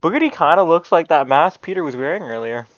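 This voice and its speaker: A man's voice: fairly high pitch, animated, quick pace, no echo. Wry man on dull, dry audio. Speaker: podcast co-host. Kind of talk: casual chat.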